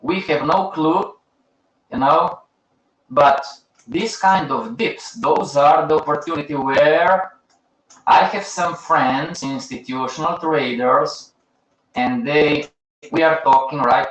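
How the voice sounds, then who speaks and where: Slow, emphatic man in an echoey room. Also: medium pitch, a bit bright. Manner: talks to the audience in short repeated phrases, emphatic and chiding. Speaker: trading educator hosting a live session. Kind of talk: casual live-stream teaching.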